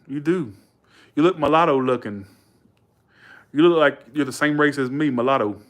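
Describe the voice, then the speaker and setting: A man's voice: on the high side, moderate pace, a bit bright. Chatty man telling a story. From Georgia, USA. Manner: rambling, self-correcting, colloquial, quotes others in raised voice. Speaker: live streamer chatting with viewers. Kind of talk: casual chat and storytelling.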